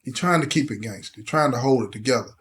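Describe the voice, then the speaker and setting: A middle-aged host tells his own life story with emotion and intensity, acting out the voices of the people in it. He talks fast, with a medium pitch and a slightly bright tone.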